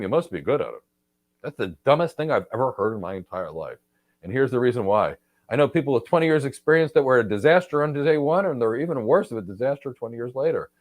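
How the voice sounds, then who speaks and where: Man, live Q&A host, blunt, emphatic, repeats key points, swooping pitch, dry sound. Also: dry recording. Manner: emphatic, repetitive, blunt and opinionated. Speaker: host, career trainer. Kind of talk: live Q&A answering viewer questions.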